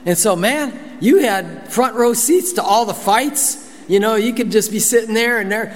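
A man's voice: high voice, moderate pace, long reverb tail. A man preaching a conversational sermon as pastor, folksy and full of asides and personal stories. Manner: folksy, storytelling, many asides.

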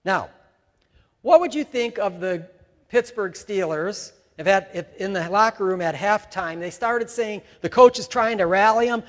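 A man preaching a sermon in a lively storytelling way, switching into quoted voices as he goes. His voice sits high for a man. A long reverb trails every phrase, as in a big hall. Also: moderate pace. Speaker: pastor.

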